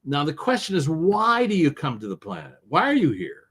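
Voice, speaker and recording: A man being interviewed as an author, telling stories in an animated way with wide swings in his voice. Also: on the high side, brisk, slightly rough. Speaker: author and guest. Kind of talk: interview conversation.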